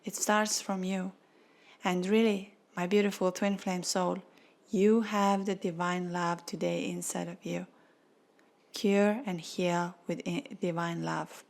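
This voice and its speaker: A woman's voice: lowish voice, little pitch movement, slow pace, vocal fry, a little mellow. A woman hosting a spiritual podcast, speaking earnestly and from the heart, close to tears. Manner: earnest, heartfelt, non-native phrasing. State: tearful, near crying. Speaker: podcast host.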